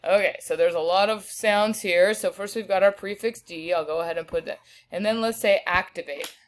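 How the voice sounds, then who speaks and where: A woman teaching a recorded spelling lesson, patiently sounding out each word slowly. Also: medium pitch. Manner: patient, slow sounding-out of words.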